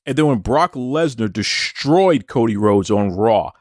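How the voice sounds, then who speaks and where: A man's voice: medium pitch, expressive, a little slow, dry recording, clean studio sound. A man hosting a wrestling commentary show, ranting in a taunting, combative way and firing off rhetorical questions. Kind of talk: opinionated wrestling commentary rant.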